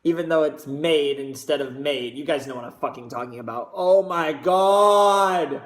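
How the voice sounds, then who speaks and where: A man hosting a reaction video, gushing excitedly and swearing heavily in casual commentary. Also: medium pitch, brisk. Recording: roomy echo.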